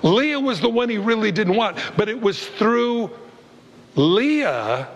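A man preaching to his congregation with a high, lively voice that leaps up when he acts out the people in the stories. His words ring out with the long reverb of a large church hall. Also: slow pace, a little hiss or hum. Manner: animated preacher, acts out voices of biblical figures with comic flair. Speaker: pastor. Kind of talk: sermon.

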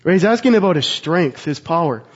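In this sermon, a pastor in his thirties speaks a little fast in a notably high, husky voice with lively intonation. He keeps challenging listeners with earnest rhetorical questions, and the recording comes across slightly dull and muffled.

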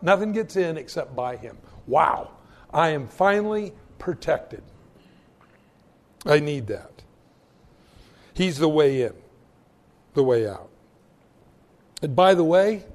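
A male pastor preaching a sermon, telling stories with self-mocking humor and stammered restarts. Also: fairly high pitch.

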